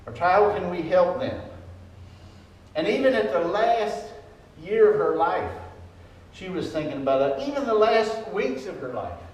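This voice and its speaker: Older male pastor, high-pitched, conversational sermon, distant mic in a very echoey church. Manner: personal, conversational preaching. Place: church sanctuary.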